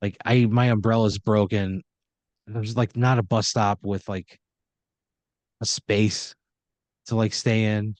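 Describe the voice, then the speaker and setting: A man's voice: fairly low pitch, steady tone, takes it slowly, long pauses, a little mellow, no room sound. A man voicing a tired young woman caught in the rain, barely changing his own voice. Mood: weary.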